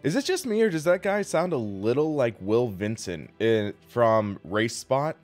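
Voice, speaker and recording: A man's voice: mid-range voice, sing-song, measured pace, darkish tone, soft background music. Chatty man streaming sim racing. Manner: chatty, rambling, thanks viewers. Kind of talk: casual live-stream commentary.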